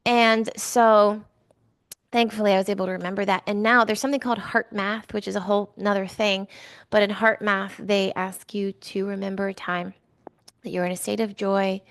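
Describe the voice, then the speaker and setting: A woman's voice: mid-range voice, flat delivery, normal speed, clean tone, dry recording, clean studio sound. A middle-aged woman giving a weekly card reading, talking in a chatty, emotional way with many fillers and restarts. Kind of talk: casual spiritual talk.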